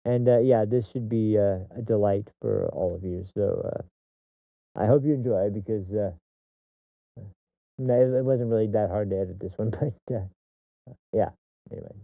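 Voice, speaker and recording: Speaking at a normal speed in a lowish, creaky voice, this man pauses often. He's a podcast host rambling through casual commentary off the cuff, with restarts, fillers, and swearing when heated, recorded dry with a tinny, phone-like quality.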